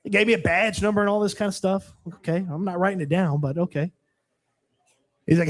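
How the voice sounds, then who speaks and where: A man with a notably high voice tells a story on a casual sports talk show. He co-hosts and talks with animation, acting out both sides of the conversation. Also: steady tone, quick pace. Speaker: co-host. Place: live show at a restaurant.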